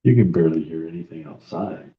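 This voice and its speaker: A man's voice: low-pitched, a little fast, phone-quality sound. A man investigating a house for a live stream, talking to himself as he sets up recording gear. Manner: mutters to himself while setting up equipment. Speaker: paranormal investigator. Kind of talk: casual live-stream chat.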